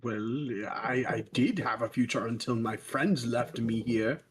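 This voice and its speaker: A man's voice: mid-range voice, unhurried, husky, soft background music. A man playing a tabletop game character, rambling and stumbling through explanations with many fillers. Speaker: player.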